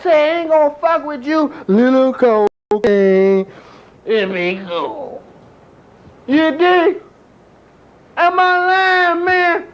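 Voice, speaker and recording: A man voicing a desperate, strung-out male junkie in a stand-up bit, whining, cracking into sobs and shouts, drawling his profanity. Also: very high-pitched, very animated, very slow, long pauses, exaggerated voice, low-quality recording.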